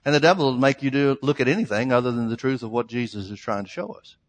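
A man preaches an emphatic sermon, drawing out the scripture lines he reads in old-style phrasing. He speaks fast in a mid-range voice, and the recording carries a long hall reverb.

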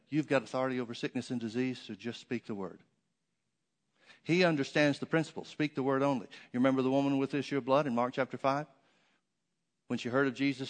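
A man delivers a sermon in a storytelling way, driving points home by repeating phrases. His voice sits in the middle range for a man. The sound carries a long hall reverb. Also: mid-range voice. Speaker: preacher.

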